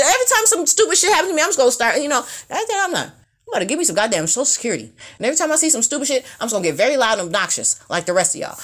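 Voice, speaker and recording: A woman, ranting bluntly and profanely in an animated, opinionated monologue. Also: high-pitched, racing.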